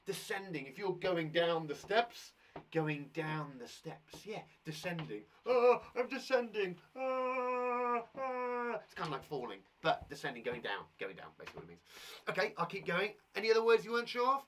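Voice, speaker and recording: A man with a British English accent teaching a live online lesson for primary school children, talking straight to the kids at home and reading a story aloud slowly. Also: fairly high pitch, far from the mic, a little hiss or hum. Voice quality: husky, animated.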